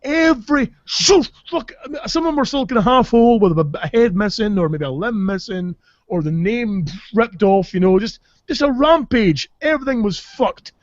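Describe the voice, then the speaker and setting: A man's voice: high-pitched, lively intonation, normal speed, no room sound, highs cut off. A man from Caithness with a Scottish accent, a podcast host telling rambling, sweary comic stories and laughing as he goes. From Caithness, Scotland. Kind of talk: casual comic storytelling.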